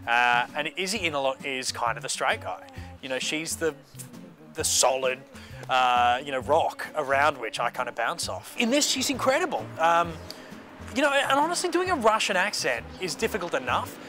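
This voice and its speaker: Chatty self-mocking actor, bright voice. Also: male voice, a little high, big pitch swings, normal speed. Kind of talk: behind-the-scenes interview. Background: background music.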